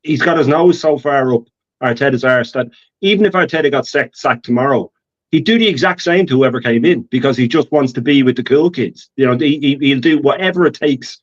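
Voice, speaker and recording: A man's voice: mid-range voice, brisk, lo-fi sound. A male guest in a casual call-in chat, ranting heatedly and stumbling over restarts.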